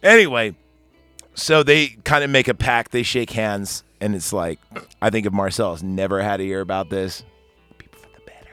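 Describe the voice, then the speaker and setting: A man's voice: fairly low pitch, moderate pace, pushed and bright, clean tone, dry recording, soft background music. A man hosting a casual podcast about a film, rambling, swearing often and laughing easily. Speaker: podcast host.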